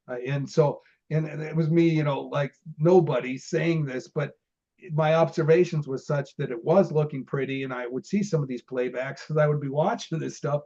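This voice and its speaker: A man's voice: on the high side, steady tone, moderate pace, mellow, muffled recording. Rambling man telling old film-set stories. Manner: rambling, many restarts, laughs while telling. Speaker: interview guest, former film extra. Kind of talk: casual storytelling interview.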